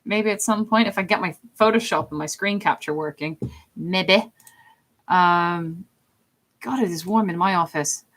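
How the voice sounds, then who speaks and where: A woman's voice: fairly low pitch, a little slow, a bit bright. A woman chatting in a rambling, casual way from her home office while drawing on a livestream, with lots of fillers. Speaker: streamer and hobby artist.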